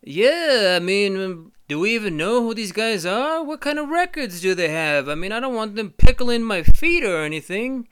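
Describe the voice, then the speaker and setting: A man's voice: high voice, sing-song, moderate pace, few pauses, fairly bright tone, clean tone, pitched above the performer's own voice. Man doing a fussy piggy-bank toy. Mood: worried.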